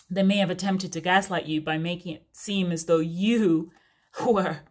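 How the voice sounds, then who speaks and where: A woman's voice: fairly low pitch, steady tone, takes it slowly. A woman giving a casual, frank tarot reading to her viewers, chatty with many fillers and asides. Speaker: tarot reader.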